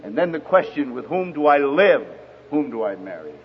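An older man preaching a sermon, emphatic and telling stories with quoted dialogue, in a husky voice. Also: a little high, very animated, moderate pace, a little hiss or hum. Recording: dull lo-fi recording with long hall reverb.

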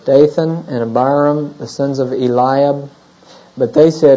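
A man in his thirties delivers a sermon with a mellow, warm voice and a chatty way of preaching, tossing in "you know?" again and again. The sound is muffled and lo-fi, like an older tape of a church service. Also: medium pitch, steady tone, unhurried. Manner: conversational preaching with frequent "you know?" asides. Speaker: pastor.

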